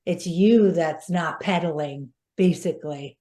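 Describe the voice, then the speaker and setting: A woman co-hosting a podcast, agreeing emphatically in relaxed, reflective conversation. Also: fairly low pitch, a little slow. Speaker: podcast co-host. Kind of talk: reflective casual chat.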